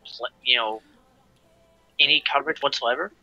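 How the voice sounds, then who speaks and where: Male co-host, casual gaming talk, very bright and sharp tone, hesitant and frank. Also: medium pitch, normal speed, lo-fi sound, faint music behind. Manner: hesitant, uses many fillers, frank. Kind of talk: casual chat about gaming.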